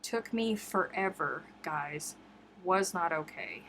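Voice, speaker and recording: A woman chatting casually on her crochet livestream, telling stories in a lively, chatty way. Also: slow, slight background noise. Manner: chatty storyteller, jumps high acting out quotes.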